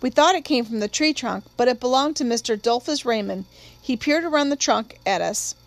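High-voiced woman reading a novel aloud. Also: no echo. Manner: measured, storytelling. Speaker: audiobook narrator. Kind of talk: scripted audiobook narration.

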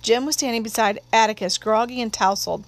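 A woman narrating an audiobook in a measured, steady storytelling voice. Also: on the high side.

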